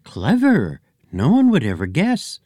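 A man's voice: fairly high pitch, huge pitch swings, unhurried, a little mellow, no room sound, clean studio sound, pitched above the performer's own voice, exaggerated voice. A man voicing a naive, trusting young boy who talks earnestly in a storybook.

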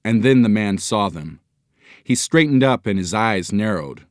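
Male storybook narrator, low voice, dry close mic. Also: unhurried, no room sound.

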